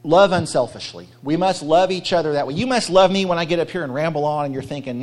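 Male pastor, slightly higher voice, preaching a sermon in a loose, chatty, self-deprecating style. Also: fast talker, few pauses, darkish tone.

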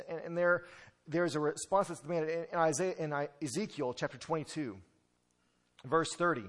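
Male pastor, slightly high pitch, emphatic sermon delivery with restarts. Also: fairly even intonation, moderate pace, fairly bright tone. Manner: emphatic, repeats words when restarting.

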